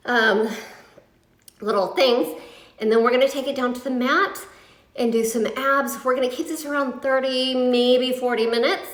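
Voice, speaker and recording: A young woman leading a live yoga class, upbeat and chatty, counting reps and a little out of breath. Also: a little high. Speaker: yoga instructor. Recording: echoey room, mic at a distance.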